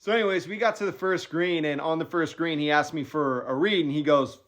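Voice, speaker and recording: A man's voice: on the high side, a little fast, hardly any pauses, fairly bright tone. A man who works as a golf caddie, casually telling a funny story and laughing often.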